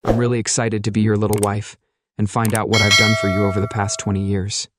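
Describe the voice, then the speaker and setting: A man's voice: lowish voice, flat delivery, fast talker, heavy background noise, natural voice. A man reading the lines of an adult wife talking with her husband, earnest and plain. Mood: eager.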